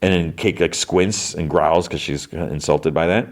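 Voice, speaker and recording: A man's voice: deep voice, a little slow. A man hosting a podcast, recapping a cartoon episode in a rambling way full of fillers. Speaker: podcast host.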